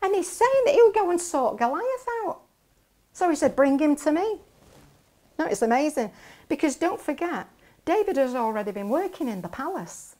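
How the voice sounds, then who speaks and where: A woman's voice: sits high, big pitch swings, moderate pace, dark tone. A woman preacher, retelling a Bible story and acting out what its characters say.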